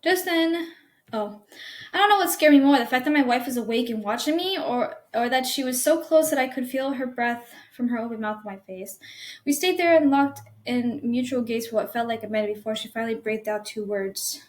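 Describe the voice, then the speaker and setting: A woman tells a creepy tale in the first person, tense and steady with small slips. Her voice sits a little high for a woman. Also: brisk. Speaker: story narrator. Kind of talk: first-person story narration.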